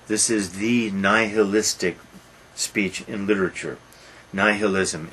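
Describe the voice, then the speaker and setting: Guy lecturing on a play, lowish voice, thoughtful and emphatic, slight hiss. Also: low-quality recording. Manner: musing, emphatic, reads quotations slowly and softly. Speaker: literature lecturer. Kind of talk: lecture on a play, reading passages aloud.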